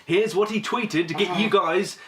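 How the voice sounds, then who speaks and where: A man's voice: high voice, moderate pace, over a noisy crowd. A man co-hosting a podcast, bantering casually with frequent laughs and hesitant fillers. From United Kingdom. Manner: giggly, hesitant, with many fillers. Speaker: podcast co-host.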